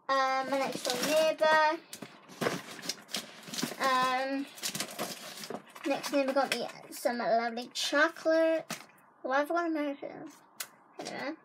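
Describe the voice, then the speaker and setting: A young woman with a high voice films a casual haul vlog in her bedroom, gushing and speaking straight to her viewers. She's chatty and keeps saying "guys," with background noise audible.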